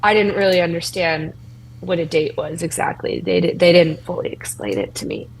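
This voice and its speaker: A woman's voice: on the low side, fairly even intonation, vocal fry, rough recording. Woman playing a shy stammering young champion. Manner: halting, stammering, many restarts. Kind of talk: in-character tabletop role-play.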